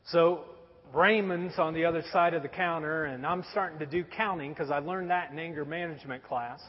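A man's voice: on the high side, moderate pace, husky. A man in his forties, a pastor telling a story in a sermon with a conversational, wry humor. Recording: dull sound with long hall reverb.

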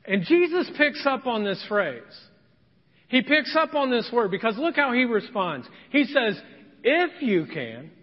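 Male pastor, high and animated, preaching with dramatic acted-out voices, dull sound with long church reverb. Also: moderate pace. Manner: dramatic, acts out voices of the people he preaches about. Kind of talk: sermon. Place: church sanctuary.

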